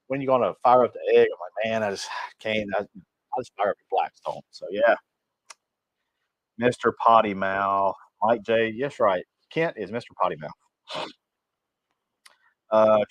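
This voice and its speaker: A man's voice: medium pitch, no room sound, lo-fi sound. A man hosting a cooking channel livestream, reading viewer comments aloud and answering them in a rambling, friendly way with frequent restarts. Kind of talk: casual livestream chat.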